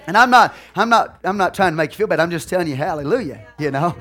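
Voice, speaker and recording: Texan pastor guy, folksy sermon, slightly high voice, goes from quiet asides to hollering. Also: lively intonation, fast talker. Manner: swings from soft asides to loud shouted preaching; folksy, peppered with "okay?" and "hallelujah".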